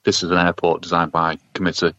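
A man's voice: low-pitched, completely flat delivery, fast talker, sharp tone, no echo. A man co-hosting a podcast, telling stories in a laid-back, wry way with lots of swearing. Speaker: podcast co-host. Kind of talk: casual chat. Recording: dull lo-fi podcast audio.

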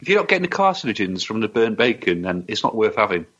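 A man co-hosting a podcast, reacting loudly and swearing. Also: fairly low pitch, big pitch swings, fast, breathy edge, muffled recording. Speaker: podcast co-host. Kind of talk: crude banter.

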